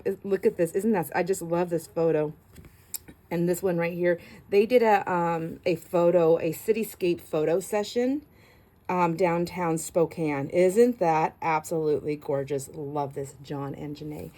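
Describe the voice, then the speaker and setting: A woman's voice: fairly low pitch, dark tone, low-quality recording. Chatty, gushing woman crafter. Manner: chatty and gushing, with frequent laughs and restarts. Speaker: craft channel host. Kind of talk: casual crafting vlog chat.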